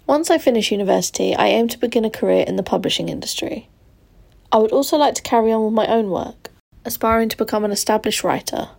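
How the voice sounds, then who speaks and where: A woman's voice: on the high side, quick pace, gravelly, a little mellow. A young woman in her twenties, a student editor, presenting a literary showcase in a careful, earnest read. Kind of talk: scripted presentation.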